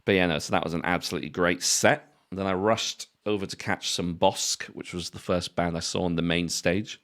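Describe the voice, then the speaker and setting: Very deep-voiced laid-back man. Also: steady tone, brisk, fairly bright tone. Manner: laid-back, swears casually, laughs at own jokes. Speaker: podcast co-host. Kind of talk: casual chat.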